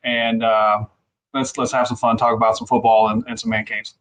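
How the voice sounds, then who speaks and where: A man hosting a podcast, talking in a relaxed, halting way with many restarts. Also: medium pitch. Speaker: podcast host. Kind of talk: casual chat.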